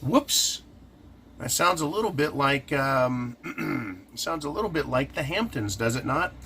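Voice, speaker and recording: A man's voice: mid-range voice, big pitch swings, a little slow, pushed and bright, a little hiss or hum. A man hosting a casual commentary, talking through his points by asking and answering his own questions. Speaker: host.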